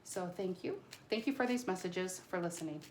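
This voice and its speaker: Chatty, excitable woman reading tarot. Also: fairly low pitch, brisk, a little hiss or hum. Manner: excitable, chatty, stumbles over words. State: a little nervous on camera. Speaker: tarot reader. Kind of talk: casual tarot reading to camera.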